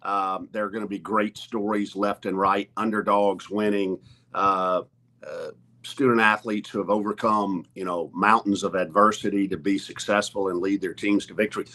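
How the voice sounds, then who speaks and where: A man speaking as a college athletics director on a talk show, earnest and a little halting, often backing up to restart his sentences. His voice is bright and forceful, and it sits fairly low. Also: fairly even intonation. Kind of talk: casual sports talk.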